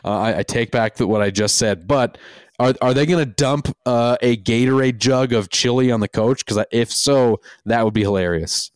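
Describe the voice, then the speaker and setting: A laid-back man co-hosting a casual sports podcast over a remote connection. His voice is smooth and resonant, at an ordinary pitch, and the sound is close and dry. He rambles through opinions with loose fillers and casual swearing. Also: moderate pace, dry recording. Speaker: podcast co-host. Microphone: remote call, home microphone.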